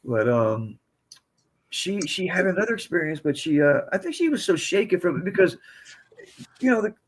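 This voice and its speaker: A podcast guest from the US, a man in his seventies, tells loose, rambling stories in a casual manner. His voice sits high and is slightly rough, and he is very animated while keeping a moderate pace.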